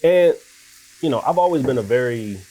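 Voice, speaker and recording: A man from Washington, D.C., a guest author and musician, telling long stories in a relaxed way. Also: medium pitch, brisk. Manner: laid-back, talks in long rambling stories. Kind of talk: casual interview storytelling.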